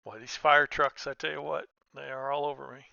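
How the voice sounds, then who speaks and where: Gaming streamer, male, bright clean tone, rambling casual commentary, dry close mic. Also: mid-range voice, little pitch movement, a little fast, gravelly, no room sound, muffled recording. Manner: rambling, self-interrupting, chatty.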